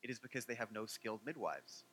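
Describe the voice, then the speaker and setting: A man voicing a gentle, patient old male rabbi, speaking softly and without hurry. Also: on the low side, animated, slight background noise, poor audio. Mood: calm. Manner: soft, hushed and unhurried.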